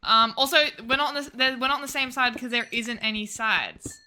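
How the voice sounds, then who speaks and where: Bright-voiced woman streaming a game. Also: fairly high pitch, fairly even intonation, a little fast, a little hiss or hum. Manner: chatty and self-mocking, talks to viewers. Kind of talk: casual gameplay commentary.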